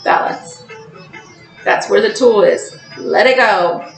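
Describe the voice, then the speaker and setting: Animated woman in an echoey room. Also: medium pitch, a little slow, gravelly, soft background music. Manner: animated, acts out emotional outbursts. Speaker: tarot channel host. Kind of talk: casual spiritual monologue.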